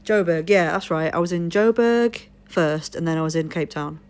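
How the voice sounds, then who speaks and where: Lower-voiced woman with posh English accent. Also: normal speed, clear, resonant tone. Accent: posh southern English. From Leeds, England. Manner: rambling, swearing storyteller. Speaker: streamer. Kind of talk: casual chat.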